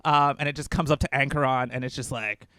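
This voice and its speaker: Bright, crisp young man running a game. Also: medium pitch, steady tone, fast talker, dry recording. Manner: casual, lots of fillers and laughs. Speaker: dungeon master. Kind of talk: narrating a tabletop game.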